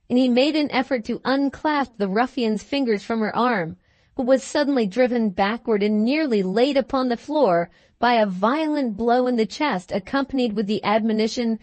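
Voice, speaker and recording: A woman narrating a classic novel in the first person with a measured, steady reading. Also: a little high, no echo. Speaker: audiobook narrator.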